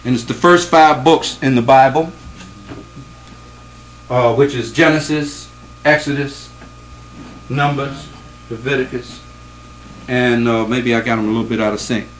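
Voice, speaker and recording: A man's voice: mid-range voice, steady tone, a little slow, long pauses, slight background noise, rough recording. A man giving a classroom lecture to a live audience, speaking with emphasis, quizzing the listeners and repeating points to stress them.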